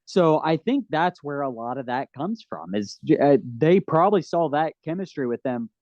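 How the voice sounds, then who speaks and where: A man co-hosting a casual podcast review, talking in an animated, gushing way and acting out scenes in quick voices. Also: on the high side, no echo. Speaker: podcast co-host. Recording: dull lo-fi podcast mic.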